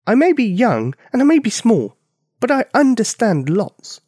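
A man voicing a small, brave young girl who speaks loudly and insistently in a raised voice. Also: very animated, normal speed, breathy edge, no room sound, clean studio sound, exaggerated voice. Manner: loud, high, insistent.

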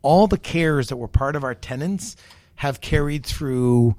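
A middle-aged man, a chef and restaurant owner, tells stories from his career in an interview. He acts out the people in his stories with animated energy. The sound is dry and close, with no room echo. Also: mid-range voice, a little slow. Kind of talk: storytelling interview.

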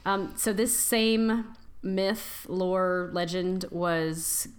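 A woman co-hosting a podcast, casually reading folklore from her notes and stumbling over words now and then. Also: fairly low pitch. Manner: reads from notes with halting restarts. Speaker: podcast co-host.

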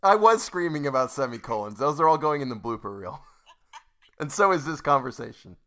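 A man's voice: mid-range voice, sing-song, brisk, a bit bright. A man reading a book aloud at home, breaking off to rant in exasperation at the author's punctuation and to tell stories. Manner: exasperated grammar ranting at the author. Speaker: audiobook narrator. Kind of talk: audiobook reading with ranting asides. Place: home recording setup.

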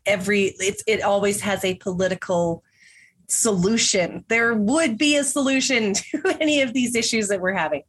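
A woman with a stuffy, husky voice talks at a middling pitch as a podcast guest. She rambles casually, restarting sentences and dropping small laughs. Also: normal speed. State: stuffy nose from a cold. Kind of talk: casual interview chat.

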